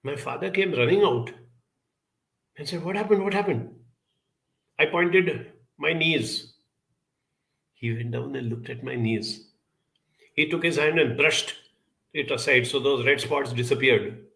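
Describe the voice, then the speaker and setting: A man's voice: medium pitch, a little slow, creaky, long pauses, pushed and bright. A man speaking as a guest on a program, telling a childhood story in an earnest, reflective way with rhetorical questions.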